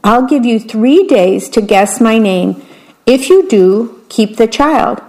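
Woman voicing a sly little fairy-tale man, bargaining, high and slow. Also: expressive, a little mellow, low-quality recording.

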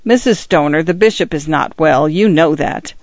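A weary priest near sixty speaks in short, cool phrases, read by a man. The voice sits a little high, in a dry, muffled recording. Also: normal speed, no echo, natural voice. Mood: curt. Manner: curt, dry. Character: weary, cold-mannered priest turning fifty-nine. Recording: dull lo-fi recording.

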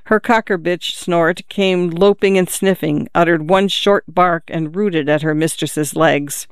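An audiobook narrator reading a literary novel in a measured, even storytelling manner. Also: mid-range voice, clean tone, dry recording, clean studio sound.

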